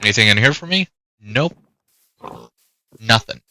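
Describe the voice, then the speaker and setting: A chatty male gamer commenting casually on his play, with a bright, forceful voice. He talks to the animals on screen as he goes. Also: medium pitch, animated, a little slow, no echo. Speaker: gaming youtuber.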